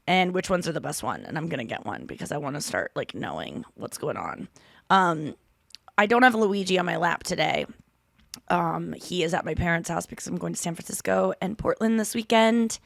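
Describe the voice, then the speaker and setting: A woman's voice: medium pitch, gravelly, no room sound, clean studio sound. A woman in her thirties hosting a podcast, chatting casually in a rambling, profane way. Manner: chatty, rambling, swears freely. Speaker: podcast host. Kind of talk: casual chat.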